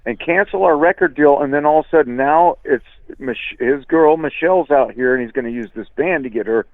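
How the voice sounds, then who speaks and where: A man guesting on a radio show, telling an animated, profane story and saying "dude" a lot. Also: medium pitch, fairly quick, no room sound. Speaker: guest musician. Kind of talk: casual storytelling. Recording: tinny phone line, dry.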